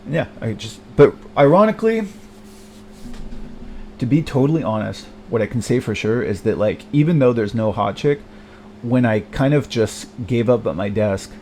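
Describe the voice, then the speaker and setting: A man of middling pitch pours out a rambling confessional monologue, halting and restarting as he goes. He sounds self-deprecating and bitter and swears often. A faint hiss sits under the voice. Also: lively intonation, a little mellow. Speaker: vlogger.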